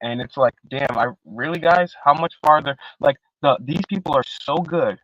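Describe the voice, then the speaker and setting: A man's voice: on the high side, moderate pace, no room sound, highs cut off. A man in casual live-stream panel chat, rambling and profane, with lots of slang and restarts, on a video call. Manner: restarts often, animated.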